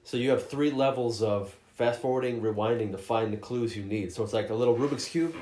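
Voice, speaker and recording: A man hosting a casual podcast chat, telling a game's story in a profane, animated way, often slipping into mocking voices. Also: medium pitch, a little fast, slight background noise. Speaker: podcast host reviewing a game. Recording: roomy echoey room.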